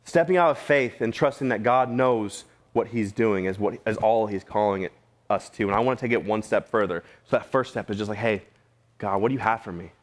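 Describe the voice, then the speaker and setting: A man's voice: on the low side, fairly quick. A man preaching a sermon in a church, casual and conversational, with slang and repeated questions to the room. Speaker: pastor. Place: church sanctuary.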